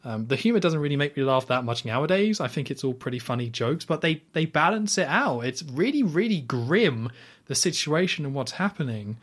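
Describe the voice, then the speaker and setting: A man's voice: on the high side, very animated, brisk. A young man hosting a podcast, casually retelling a film scene in detail with plenty of fillers and quoted lines. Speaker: podcast host recapping a film. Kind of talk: casual chat.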